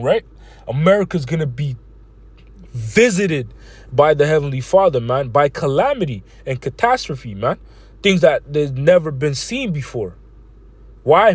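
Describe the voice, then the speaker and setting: A man teaching a scripture lesson in a conversational way, reading verses slowly and filling his talk with "man" and "you know.". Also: a little high, no room sound. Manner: slows down to read verses aloud. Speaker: bible teacher.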